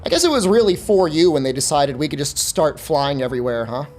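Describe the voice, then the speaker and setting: A male game streamer talking casually to his chat, loose and joking. His voice swings up and down with lively pitch, and faint music plays under him. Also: a little fast. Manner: chatty and loose, joking with viewers.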